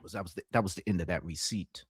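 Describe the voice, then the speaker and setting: A man's voice: low voice, very fast, husky, no room sound. A man doing casual live-stream reaction commentary, loose and profane, often mimicking the voices in the clips he plays.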